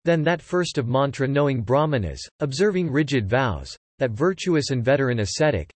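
Guy reading an old epic out loud, formal and measured, lively pitch, dry sound. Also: no echo. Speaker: narrator. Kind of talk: scripted epic narration.

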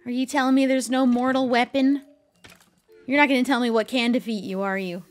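A woman streamer giving let's play commentary, excitable, often gasping and shrieking. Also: on the high side, brisk, soft background music. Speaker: gaming streamer.

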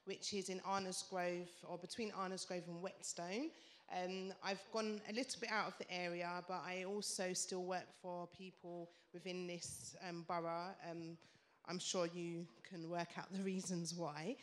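A woman, speaking to an audience on a handheld mic and explaining her work in a composed way with frequent ums. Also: fairly low pitch. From Tottenham, London. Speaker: solicitor. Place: community event room.

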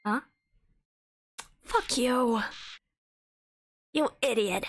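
Young female streamer, high voice, unhurried, cursing reactions, game music behind. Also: noisy background. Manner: reactive, exclamatory, swears freely. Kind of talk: live game commentary.

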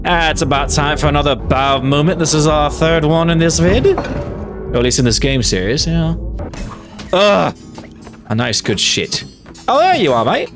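A man commentating a let's play video, animated and often laughing and exclaiming. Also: a little high, a little slow, long pauses. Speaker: gaming video host. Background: game music.

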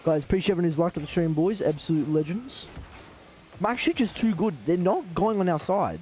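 Excitable Australian streamer guy, mellow tone. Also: sits high, fairly quick, a little hiss or hum. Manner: excitable, joking trash talk with chat. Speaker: game streamer. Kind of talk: live gaming commentary.

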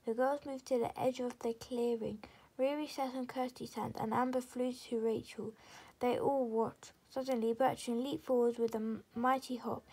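A woman reading a children's chapter book aloud as storyteller, steady with small slips. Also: on the high side, normal speed, breathy edge, rough recording.

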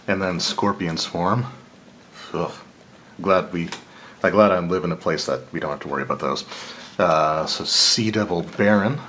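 Unhurried low-voiced male host, casual unboxing chat, faint background hum. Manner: relaxed, thinking aloud, small laughs and self-corrections. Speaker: channel host reviewing game cards.

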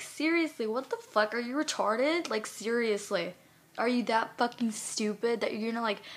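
Young woman venting at the camera, kinda high voice, super fed up, swears constantly. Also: fairly bright tone. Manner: swearing, exasperated, heavy use of "like". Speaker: vlogger. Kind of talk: angry venting monologue to camera.

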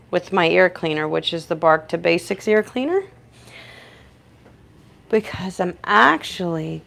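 A woman's voice: fairly low pitch, gravelly, fairly bright tone. A woman who works as a professional dog groomer, giving a chatty grooming demonstration indoors in her shop and talking both to the dog and to viewers.

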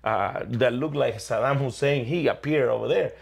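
Gravelly, husky man telling animated stories. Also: medium pitch, moderate pace. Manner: energetic, repeats and restarts, acts out quotes. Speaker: evangelist clown, guest. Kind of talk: animated storytelling interview.

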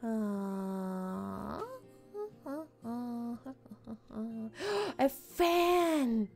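A woman's voice: on the high side, big pitch swings, drawn-out words, darkish tone, soft background music. A woman streaming a game, chatting playfully with her viewers and giggling often. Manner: playful, giggly, answering chat. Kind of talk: casual live-stream chat while gaming.

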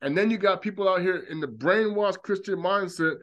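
A man preaching a fervent monologue, mocking opponents by mimicking them in quick asides. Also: sits high, fairly bright tone, muffled recording. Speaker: religious commentator.

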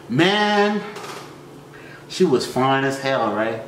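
A man telling a funny personal story in a frank, slangy way, acting out his own reactions with high yelps and low mutters. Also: big pitch swings, takes it slowly, pauses often, echoey room, recorded from a distance, slight background noise.

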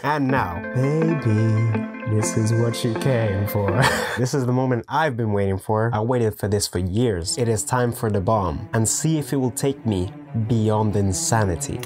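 A man's voice: on the low side, unhurried, music in the background. A young man filming himself for a video, chatting casually and exclaiming in pain as he eats spicy food. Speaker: YouTuber. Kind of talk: casual vlog commentary.

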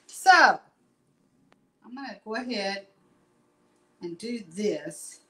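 A woman's voice: mid-range voice, slow, low-quality recording. Brief: middle-aged woman, folksy and chatty, rambling painting-class host. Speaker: painting instructor. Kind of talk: casual live painting tutorial.

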